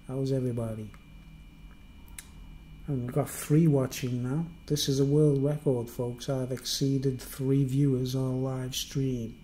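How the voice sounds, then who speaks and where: Mellow-voiced Merseyside man rambling on a stream. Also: medium pitch, level tone, measured pace, a little hiss or hum, rough recording. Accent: toned-down Merseyside. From Merseyside, England. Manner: rambling, self-mocking, chatty with many fillers. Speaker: live streamer. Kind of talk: casual live-stream monologue.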